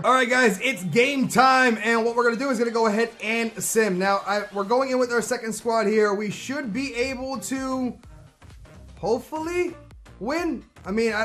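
A high-voiced young man talks through his football video game in casual let's-play commentary. He is excitable and often yells at the screen. Faint game music plays behind him. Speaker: gaming video host.

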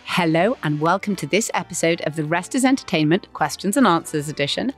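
A woman co-hosting a podcast, chatting in an animated way with quick asides and laughs. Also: fairly low pitch, slightly rough, soft background music. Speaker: podcast co-host. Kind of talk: casual chat.

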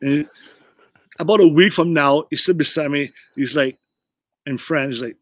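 A middle-aged man telling an easygoing story as a podcast guest. He sits a little higher in pitch than most men and keeps slipping into "I'm like" and "he's like". The sound is close and dry, with no room in it. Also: normal speed, pauses often, breathy edge, no echo. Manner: anecdotal, repeats "I'm like" and "he's like", light laughs. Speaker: podcast guest, retired hockey player. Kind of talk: casual storytelling.

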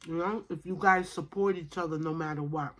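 A woman eating on camera and chatting casually with her viewers, her voice husky and sitting on the low side. She pauses between bites and keeps saying "you know". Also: fairly even intonation. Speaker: mukbang vlogger. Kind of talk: casual chat while eating.

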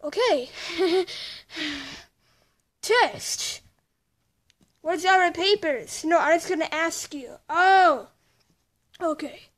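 A woman's voice: very high voice, expressive, extremely slow, pauses often. A young woman doing playful childlike voices in a homemade play, shifting between several characters.

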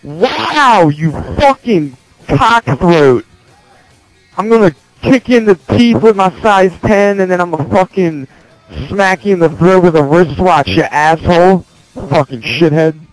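A man's voice: sits high, expressive, unhurried, faint music behind, low-quality recording. A man leaving a scolding, threatening voice message over a game headset. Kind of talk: angry voice message.

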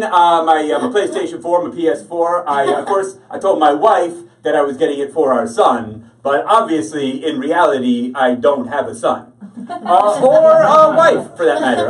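A man's voice: on the high side, expressive, moderate pace, far from the mic, rough recording. Rambling self-deprecating stand-up man. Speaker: stand-up comedian. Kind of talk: stand-up set. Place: comedy show with live audience.

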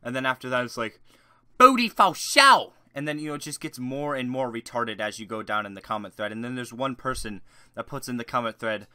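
A man's voice: mid-range voice, steady tone, quick pace, smooth, dry recording, studio quality. A young man doing a crude, rambling joke Q&A as a YouTuber, swinging from ranting to mumbling. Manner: crude, rambling, shifts between shouting rants and mumbling. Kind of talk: joke Q&A monologue.

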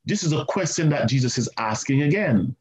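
A male pastor preaching a sermon, animated and repetitive, with asides to the congregation. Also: mid-range voice, brisk. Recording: roomy, slightly muffled church recording.

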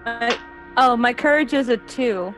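A woman speaking as a player in a tabletop game, bubbly and excitable and unsure of the rules. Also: a little high, a little slow, faint music behind. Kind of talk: casual tabletop play.

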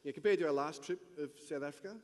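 Measured male coach in a reverberant hall. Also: on the high side, darkish tone. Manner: measured, candid, with many fillers. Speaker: head coach. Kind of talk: on-stage interview answers. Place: large function hall at a lunch event. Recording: long reverb in a big hall.

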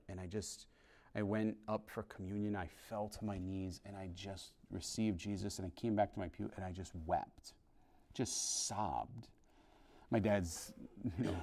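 A male priest telling his conversion story to a parish class in an earnest, halting way, with many restarts. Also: fairly low pitch, steady tone, darkish tone. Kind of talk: informal testimony to a parish class. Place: parish hall.

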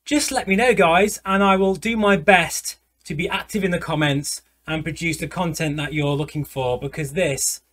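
A man, a flight sim vlogger gushing with excitement as he reviews a VR headset. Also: high voice. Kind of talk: enthusiastic product review vlog.

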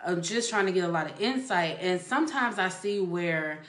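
A woman hosts a relaxed live-stream conversation, her voice sitting on the low side. She laughs easily and talks through the viewers' comments. The sound carries a noticeable room echo. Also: moderate pace. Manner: relaxed, laughs often, reads comments aloud. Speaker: host. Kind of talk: casual chat on a live stream. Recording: echoey room.

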